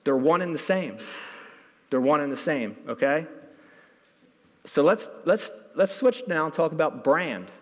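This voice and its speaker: A man giving a conference talk, telling a story with energy, and his voice jumps high when he gets excited. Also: unhurried, pauses often. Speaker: keynote speaker. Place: large hall. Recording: reverberant hall.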